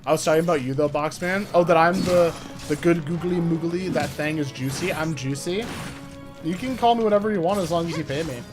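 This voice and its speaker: A young man chatting live on a game stream, excitable and swearing, laughing often and talking to his chat. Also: fairly high pitch, brisk, music in the background.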